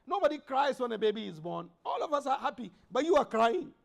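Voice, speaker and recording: Brief: male preacher with a high-pitched voice, mosque sermon, builds emphasis and recites Arabic. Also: big pitch swings, fairly quick, creaky. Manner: preaches with rising emphasis and quoted Arabic verses. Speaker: imam.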